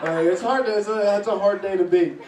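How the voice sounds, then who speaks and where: A man doing stand-up, telling a story with lively swings in his voice as he acts out reactions. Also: a little fast, crowd noise. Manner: animated, voices swing high when acting out reactions. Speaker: stand-up comedian. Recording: echoey room from a distance.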